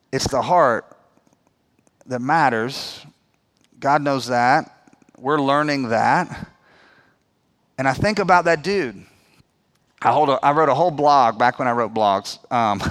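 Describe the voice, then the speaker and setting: A man's voice: medium pitch, a bit bright. A man in his forties, a pastor preaching a sermon in a conversational, emphatic way, acting out quotes as he goes.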